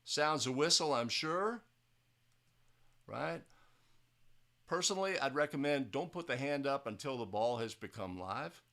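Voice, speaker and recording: A man's voice: medium pitch, lively intonation, a little slow, pauses often, a bit bright. A man acting as a basketball officiating instructor. He breaks down game footage in a casual teaching style, often tagging his points with "right?" and restarting his sentences.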